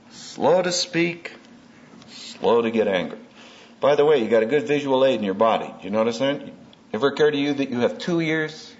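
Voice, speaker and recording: A man preaching to an audience about marriage and family, punchy and humorous, acting out everyday scenes as he goes. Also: mid-range voice. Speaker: speaker at a Christian conference. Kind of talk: sermon. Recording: dull lo-fi tape with faint hiss.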